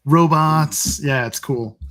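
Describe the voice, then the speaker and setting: A man co-hosting a casual gaming podcast, talking in an unhurried way and searching for words. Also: a little high, a bit bright. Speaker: podcast co-host.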